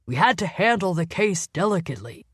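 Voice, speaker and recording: A woman narrator puts on a gruff older police commander for an audiobook, a man close to retirement who growls and snaps. The voice comes out louder and rougher, defensive and curt. The studio sound is dry and close. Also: lowish voice, sing-song, a little fast, no room sound, pitched above the performer's own voice, heavily acted. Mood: grudging. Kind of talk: audiobook character voice.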